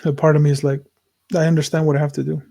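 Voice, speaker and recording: Earnest man with a flat, mellow voice. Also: fairly high pitch, rapid-fire, gravelly. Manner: earnest, searching, repeats himself, swears. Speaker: podcast co-host. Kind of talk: casual heartfelt conversation.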